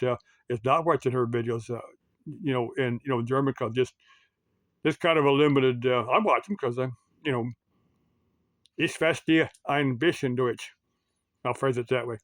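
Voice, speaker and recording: A man's voice: mid-range voice, steady tone, brisk, dry recording. An American man giving casual, meandering commentary to his channel, full of fillers and restarts. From United States. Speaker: YouTube commentator.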